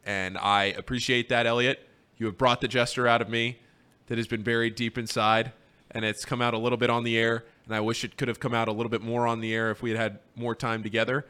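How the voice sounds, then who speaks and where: This radio host talks fast in a smooth, pushed and bright mid-range voice with little pitch movement. On his casual sports show he calls a race like play-by-play, then reflects on his time there in an earnest, sincere way.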